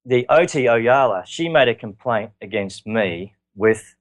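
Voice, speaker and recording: His mid-range voice is animated as this Australian man, an interview guest, shares his own story. He's earnest yet halting, leaning on lots of filler words.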